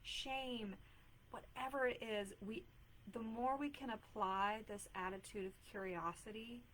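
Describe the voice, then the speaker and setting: A woman's voice: on the high side, unhurried, fairly bright tone, a little hiss or hum, poor audio. A woman in her thirties giving earnest, chatty advice on a live video stream, with lots of filler words. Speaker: mom life coach hosting a live video. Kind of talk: casual live-stream talk.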